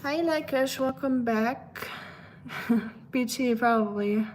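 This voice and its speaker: Cooking in her home kitchen, a German woman with a German accent chats casually with her live-stream viewers, rambling along and talking to people in the chat. Her voice sits on the high side with a darkish tone, and she takes it slowly over slight background noise.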